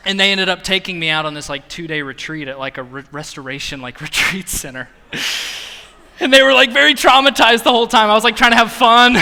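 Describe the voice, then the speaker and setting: A young man preaching, telling a story in a lively, self-mocking way with bursts of laughter. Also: a little high, quick pace, clean tone. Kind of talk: sermon storytelling. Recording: long hall reverb.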